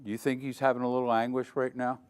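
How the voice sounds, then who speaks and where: A man's voice: medium pitch, little pitch movement, fast talker, clear, resonant tone. An older man giving a dramatic safety lecture at a conference, quizzing the audience as he goes. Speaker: safety trainer. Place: conference hall. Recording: long hall reverb.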